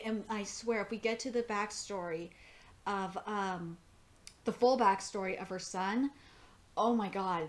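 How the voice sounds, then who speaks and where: A woman giving live reaction commentary on an anime episode, rambling and enthusiastic with lots of fillers and restarts. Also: mid-range voice.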